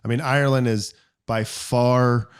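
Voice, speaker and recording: A man's voice: mid-range voice, fairly even intonation, measured pace, clear, resonant tone. A man co-hosting a casual podcast, telling rambling stories and mimicking other people's voices as he goes. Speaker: podcast co-host. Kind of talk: casual chat.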